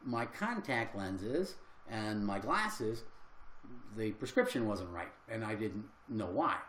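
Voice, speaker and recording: A man's voice: lowish voice, very animated, slow pace, a bit bright, roomy sound, a little hiss or hum, rough recording. An older man and health coach talking casually on a livestream, earnest and rambling with fillers.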